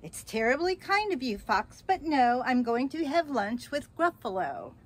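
A small, smart male mouse from a picture book, calm and courteous, voiced by a woman. He speaks in a sing-song rhyme with lively, wide-ranging pitch. His voice sits on the higher side and unhurried. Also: slightly rough, exaggerated voice. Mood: sly, teasing.

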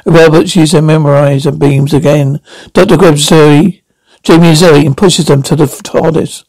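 A man narrates stage directions in a plain amateur read-through, now and then tripping over words. His voice sits high and is recorded close and dry. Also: fairly even intonation, moderate pace, darkish tone, dry recording, rough recording. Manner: plain, stumbling reading with restarts.

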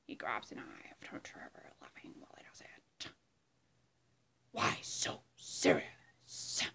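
A woman doing an impression of a menacing male clown villain in a whispered role-play, speaking in a creepy hush. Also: medium pitch, full character voice.

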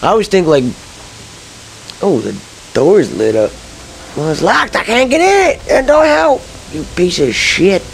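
A man talks through a video game in casual, profanity-laden commentary. His voice is gravelly and sits a little high. He grumbles and vents frustration as he plays. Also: sing-song, a little slow, pauses often, a little hiss or hum, rough recording. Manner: frustrated, swears a lot. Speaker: let's-play gamer.

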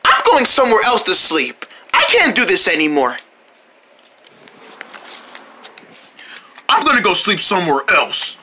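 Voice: mid-range voice, wildly swooping pitch, brisk, noisy background. A performer voicing a grumpy, sleepy cartoon kid who grumbles in exasperation over a stolen blanket. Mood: fed up. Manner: grumbling, exasperated, sings a whiny complaint. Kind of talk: cartoon voice acting.

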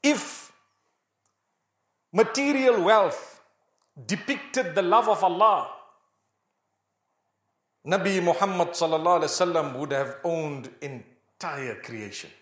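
A man's voice: high-pitched, expressive, slow, pauses often. Preaching man with a roomy echo. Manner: rhetorical questions, recites Arabic verses in a chant. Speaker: Islamic preacher. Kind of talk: sermon.

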